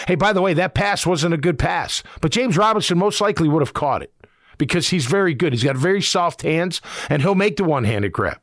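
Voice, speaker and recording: A man's voice: a little high, animated, fairly quick, no echo, clean studio sound. A middle-aged man, a former player hosting a sports talk show, giving blunt, emphatic opinions.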